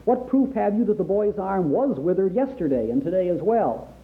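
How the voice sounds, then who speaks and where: A man's voice: sits high, expressive, moderate pace. A man reading the part of an arrogant, sarcastic spaceship captain, speaking sternly. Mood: scoffing. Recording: tinny phone-like sound.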